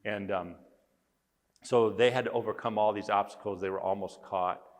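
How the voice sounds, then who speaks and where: A man's voice: lowish voice, fairly even intonation, moderate pace, long reverb tail. A man speaking as a conference speaker, earnestly telling a story with emphasis. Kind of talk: storytelling talk.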